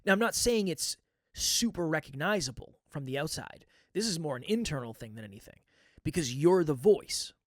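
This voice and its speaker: Man, podcast host, candid coaching talk, slightly high voice, dry close mic. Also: lively intonation, normal speed, dry recording. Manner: candid, coaching, self-reflective. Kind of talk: reflective solo podcast talk. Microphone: close podcast microphone.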